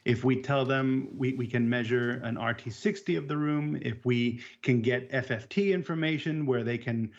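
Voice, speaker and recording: A man co-hosts a relaxed technical talk about audio tools. His voice is gravelly, and he often restarts his sentences as he works through an explanation. The recording sounds muffled and lo-fi. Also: mid-range voice. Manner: halting, restarts words, self-deprecating. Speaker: AV technician co-host. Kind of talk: casual technical chat. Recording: dull lo-fi sound.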